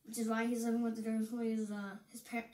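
A teenage girl with an American accent gives a casual movie review, rambling and excitable, often cutting herself off mid-thought. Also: on the high side, a little fast, roomy sound, a little hiss or hum. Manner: rambling and excitable, self-interrupting.

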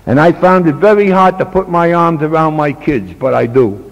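A man's voice: a little high, normal speed. An older man, a grandfather, giving a plain-spoken, earnest talk to a recovery meeting. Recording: dull old tape with long reverb.

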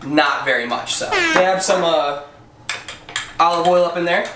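High, lively, profane man joking in a kitchen. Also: unhurried. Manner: profane, joking, mock-instructional. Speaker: comedic cooking show host. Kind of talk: crude comedic cooking demo. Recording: echoey room, distant mic, noisy.

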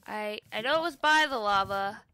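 A woman's voice: medium pitch, animated, normal speed, pushed and bright, smooth. A young woman casually commenting on her own survival gameplay, chatty and self-mocking, often exclaiming at what happens. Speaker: gaming YouTuber.

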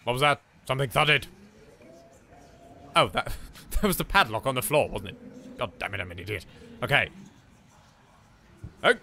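Brief: English male gamer host, animated and bright, bantering with the game. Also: medium pitch, moderate pace, vocal fry, long pauses, a little hiss or hum. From England. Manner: animated, jokey, talks to objects, swears. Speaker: let's play host. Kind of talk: casual gameplay commentary.

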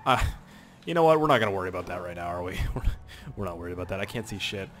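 Excitable young man yelling through gameplay. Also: low voice, racing, slight background noise. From Canada. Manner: excitable, swearing, laughing, yelling at the game. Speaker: gaming YouTuber. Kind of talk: casual gameplay commentary.

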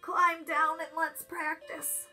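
A worried groundhog with a cold and a stuffy voice tries to keep going for his friends, as a woman puts him on. Her bright, high voice carries him slowly through each line in a storybook reading. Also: little pitch movement, recorded from a distance, soft background music, full character voice. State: stuffy and sneezing. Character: sick, sniffly male groundhog, worried but determined.

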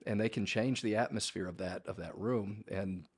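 A man hosting a faith-themed author interview, affirming his guest and asking open questions in a soft-spoken way. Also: on the low side, moderate pace, husky.

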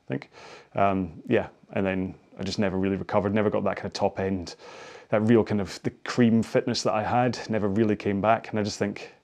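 A man's voice: fairly low pitch, a little mellow. A Scottish man in his forties, an indoor rowing coach, talking through cool-down stretches in a chatty, rambling way with self-deprecating asides. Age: 40s. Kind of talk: casual workout cool-down instruction.

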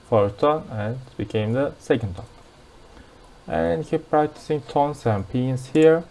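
A man's voice: a little high, measured pace, creaky, a little mellow. A young man with a Turkish accent teaching a language lesson, explaining patiently and repeating words as drills.

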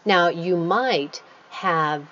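A woman's voice: fairly low pitch, extremely slow, fairly bright tone, slight background noise. Woman lecturing on writing craft, lo-fi. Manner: explains patiently and spells out punctuation aloud. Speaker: author teaching a writing workshop. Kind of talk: recorded lecture. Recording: dull lo-fi recording with faint ambience.

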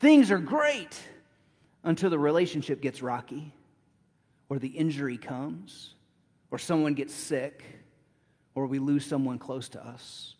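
A man's voice: mid-range voice, a little mellow, husky, in a large hall. A middle-aged man preaching a sermon, telling a story in a conversational way and often restarting with repeated words. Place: church sanctuary.

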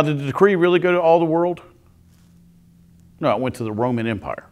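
A man preaches in a church, talking with the congregation rather than at them. His voice sits at an ordinary middle pitch, and he keeps throwing questions out to the room. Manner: conversational, asks the congregation questions. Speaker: pastor. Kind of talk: sermon. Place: church sanctuary.

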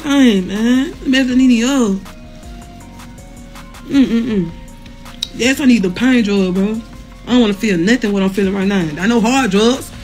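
In a somewhat high, slightly mellow voice, measured and often pausing, a woman chats casually with viewers from her hospital room as soft music plays. She is in pain and nearly crying, but she curses a lot, talks bluntly, and laughs through the pain while reading their comments.

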